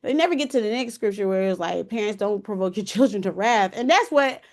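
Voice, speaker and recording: A woman's voice: medium pitch, expressive, fast. A woman in her thirties hosting a podcast, telling a personal story in a candid, emotional, colloquial way. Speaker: podcast host.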